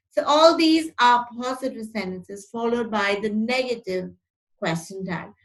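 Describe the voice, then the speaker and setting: Woman teaching grammar, higher voice. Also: poor audio. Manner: explains step by step, reads example sentences aloud and corrects her own slips. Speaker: English teacher. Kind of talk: teaching an online grammar lesson.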